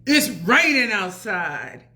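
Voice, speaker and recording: A woman in her forties telling a story in a casual vlog, calling her viewers "y'all" and swinging from loud excitement to a hushed, confiding tone. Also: medium pitch, slow pace. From New York area. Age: 40s. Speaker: motivational speaker and vlogger. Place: home.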